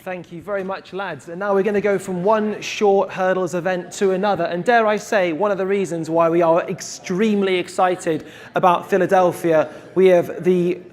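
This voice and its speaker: A man's voice: sits high, steady tone, normal speed, few pauses. A man hosting a press conference, introducing athletes and asking questions in an upbeat, showy way.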